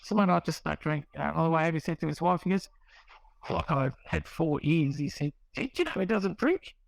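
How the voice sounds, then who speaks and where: A middle-aged man tells his story in a loose, rambling way, stopping to restart and acting out the back-and-forth of old conversations. His voice sits a little high and has a gravelly, creaky edge. The recording is dry, with no room sound. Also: fairly even intonation, a little fast, no echo, low-quality recording. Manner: rambling, restarts, acts out quoted dialogue. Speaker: guest sharing recovery story. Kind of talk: casual storytelling.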